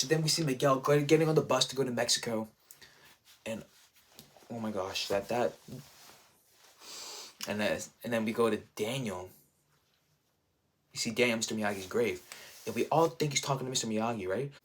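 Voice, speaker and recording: A man's voice: mid-range voice, moderate pace, long pauses, a little hiss or hum. A man giving a casual spoiler review, enthusiastic and rambling, full of fillers. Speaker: show reviewer.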